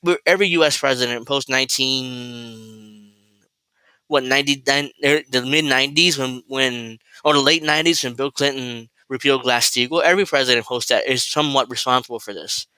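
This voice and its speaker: A man's voice: medium pitch, fairly quick, pushed and bright, clear, resonant tone, no echo. A man hosting a casual political commentary livestream from home, talking in a rambling, sardonic way and swearing freely. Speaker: host. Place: at home, cooking while streaming.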